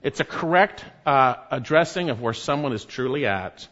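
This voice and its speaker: A man preaching a sermon, emphatic, rising to loud exhortations and dropping to low, quiet stresses. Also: animated, normal speed, hardly any pauses, highs cut off.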